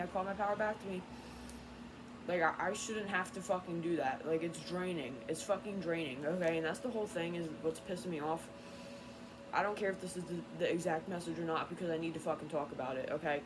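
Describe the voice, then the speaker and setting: A woman tarot reader ranting in an unscripted vlog, irritated and profane, rambling and getting louder. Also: on the low side, noisy background. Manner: grows louder and more heated.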